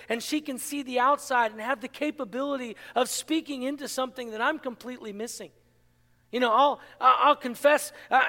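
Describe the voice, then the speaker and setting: A man delivers an impassioned sermon in a strikingly high voice. His tone is bright and forceful, and it rings out with a long reverb as if in a large church hall. He leans on rhetorical questions and pokes fun at himself. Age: adult, married. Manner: self-mocking humor with laughter. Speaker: pastor.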